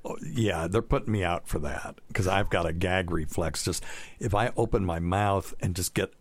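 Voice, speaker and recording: A man's voice: deep voice, normal speed, no echo. A man who is a physician, hosting a casual talk show and explaining medical things in a frank, joking way. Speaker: physician podcast host.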